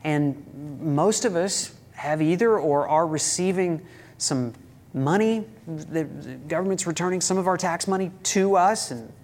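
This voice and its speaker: A man's voice: on the high side, a little slow, darkish tone. A man preaching a sermon as a pastor, emphatic, with rhetorical questions and sudden rises in his voice.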